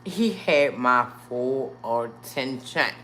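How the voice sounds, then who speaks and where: A woman with an extremely low voice tells a story slowly to her live stream viewers, addressing them as y'all. She's animated, performing what people said, and there's a little hiss or hum.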